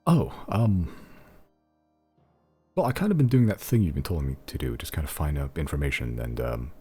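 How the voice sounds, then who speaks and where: A man's voice: rumbling low, expressive, normal speed, mellow, breathy edge, faint music behind, heavily acted. A man voicing a nervous, eager young male informant who stammers and rambles.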